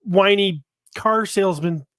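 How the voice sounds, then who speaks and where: High-voiced profane storytelling man. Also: measured pace, no echo, clean studio sound. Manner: animated storyteller, profane, acts out dialogue. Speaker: podcast co-host. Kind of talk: casual podcast banter.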